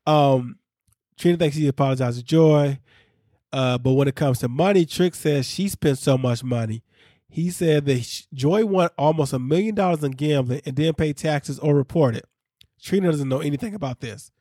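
Guy hosting a podcast recap, kinda high voice, lively and laughing, dry close mic. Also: moderate pace, no echo. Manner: animated, laughing, quotes people in voices. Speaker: podcast host. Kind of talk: casual recap chat.

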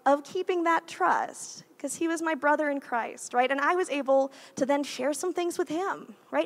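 This guest preacher, a woman in her thirties, speaks in a high-pitched voice at a moderate pace with few pauses. Her church sermon is conversational and chatty, peppered with "like" and "right?"

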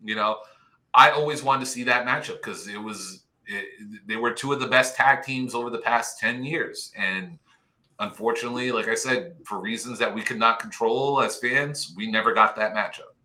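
Guy with a bright voice rambling casually, lots of you-knows. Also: medium pitch, moderate pace. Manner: rambling, fan enthusiasm, many "you know"s. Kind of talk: casual chat.

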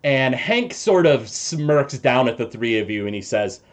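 A man narrating a tabletop game as game master in an unhurried storytelling manner. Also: medium pitch, lively intonation.

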